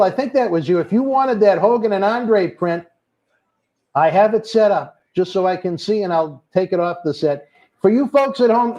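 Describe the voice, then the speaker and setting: High-voiced host with a Boston accent. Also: male voice, dark tone, highs cut off. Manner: reads out viewer comments, calls people brother. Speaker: host of a wrestling watch-along stream. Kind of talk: casual live-stream chat.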